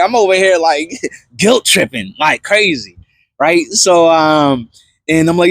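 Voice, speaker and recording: Animated young man telling a story. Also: fairly high pitch, normal speed, no room sound. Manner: animated, slangy, many fillers and restarts. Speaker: vlogger telling a personal story. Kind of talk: casual storytelling testimony.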